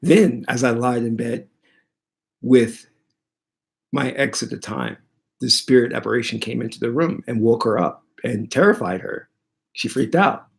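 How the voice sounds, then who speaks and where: Brief: spiritual teacher, gravelly mid-range voice, dramatic storytelling. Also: male voice, medium pitch, a little slow, long pauses. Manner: animated, dramatic retelling. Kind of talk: storytelling monologue.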